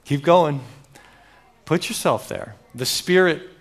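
A man preaching a sermon, reading scripture dramatically and urging his listeners directly, with sudden loud rises. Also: fairly high pitch, lively intonation, slow pace. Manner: speaks directly to the audience, urging and emphatic.

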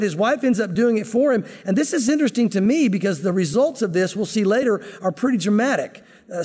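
A man's voice: high-pitched, darkish tone, big-room sound. A middle-aged male pastor giving an expository sermon in an earnest, conversational teaching manner.

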